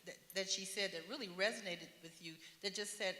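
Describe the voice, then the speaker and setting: A woman's voice: mid-range voice, a little fast, bright, forceful tone. A woman interviewer asking curious questions on a live panel. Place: large hall at a live event. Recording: reverberant hall.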